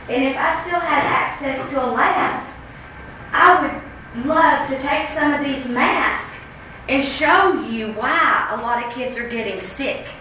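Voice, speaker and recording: A woman giving an earnest, insistent public comment at a school board meeting, often pausing to ask "okay?". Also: high-pitched, pushed and bright, distant mic, a little hiss or hum. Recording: very echoey room heard from afar.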